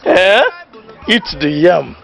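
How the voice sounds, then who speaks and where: An actor playing a boastful, know-it-all village man who lectures his friend in Nigerian Pidgin, loud and laughing at his own jokes. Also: high-pitched, sing-song, takes it slowly, vocal fry, faint music behind, heavily acted. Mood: lecturing. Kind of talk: comedy film acting.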